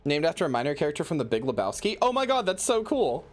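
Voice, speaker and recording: A man's voice: fairly high pitch, very animated, fast talker. A man streaming a game in casual commentary, rambling with many fillers and swearing into a headset mic.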